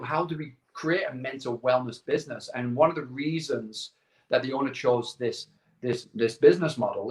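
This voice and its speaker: Middle-aged man guest, lively storyteller, voices the quotes, mid-pitched, roomy echo. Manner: animated anecdotes with quoted dialogue, repeats words. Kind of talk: casual storytelling interview. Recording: echoey room.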